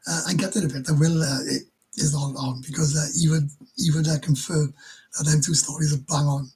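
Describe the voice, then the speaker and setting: A man's voice: on the high side, fairly even intonation, brisk, crowd noise, low-quality recording. A Welsh man hosting a live stream, telling crude stories, swearing constantly and laughing as he goes. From Wales. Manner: crude, swears constantly, laughs mid-story, stumbles and restarts. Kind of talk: casual storytelling to viewers.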